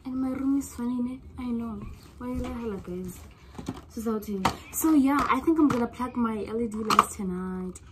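A young South African woman with a South African accent, chatting casually to her vlog audience in an expressive, gushing way that swings between soft musing and loud excitement. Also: fairly high pitch, noisy background. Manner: drawls words out slowly. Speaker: vlogger.

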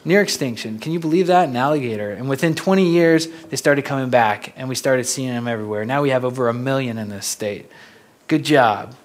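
A young man from Florida giving a talk as a photographer, telling stories in a lively way and laughing often. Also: medium pitch, a little fast. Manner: animated, laughing storyteller. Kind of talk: storytelling lecture.

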